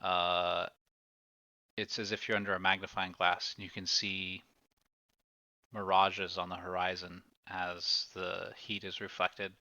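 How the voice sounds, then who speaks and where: A man runs a tabletop game at a slow, unhurried pace. His voice is bright and smooth, with dry, dull lo-fi sound and many filler pauses. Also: deep voice, level tone, dry recording. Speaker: game master.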